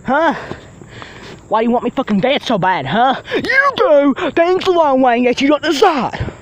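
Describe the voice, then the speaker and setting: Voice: high voice, big pitch swings, moderate pace, dull audio. A performer voicing a foul-mouthed, furious male villain who rants and threatens in a fan-made machinima. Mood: raging. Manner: ranting, swearing, threatening.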